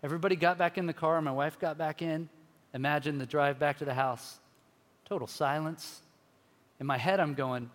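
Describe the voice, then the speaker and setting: Man, pastor, sermon, animated self-deprecating storytelling, high voice, long hall reverb. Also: moderate pace.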